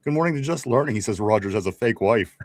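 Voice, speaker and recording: A man's voice: mid-range voice, expressive, quick pace, dry recording, clean studio sound. A man in his forties co-hosting a casual sports talk show with a Pittsburgh accent, rambling, repeating his greetings and laughing often. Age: 40s. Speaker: podcast co-host.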